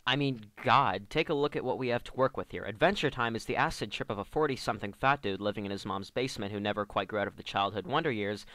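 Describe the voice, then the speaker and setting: A man with a lowish, smooth voice rants through a comedic cartoon review with biting sarcasm. He sounds fed up and mocking, and the recording is close and dry. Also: fast, few pauses, sharp tone, dry recording. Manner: sarcastic, exasperated ranting. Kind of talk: scripted comedic review rant.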